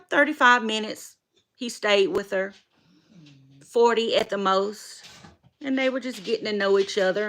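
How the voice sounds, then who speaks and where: A woman's voice: medium pitch, a bit bright. A middle-aged woman, emotionally retelling a story to her viewers in a repetitive, emphatic way. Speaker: dog owner vlogger.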